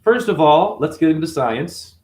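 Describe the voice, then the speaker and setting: A man talks to his livestream chat in a preachy, animated way. His voice sits a little high and leaps between loud outbursts and low mutters. The sound is roomy, with a clear echo. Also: moderate pace. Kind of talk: casual livestream monologue.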